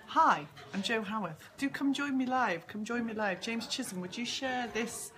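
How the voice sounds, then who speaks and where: Bright, bubbly woman hosting a live stream. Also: a little high, normal speed. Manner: bubbly, giggly, chatty. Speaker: host and author. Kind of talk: casual live-stream chat. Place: pub.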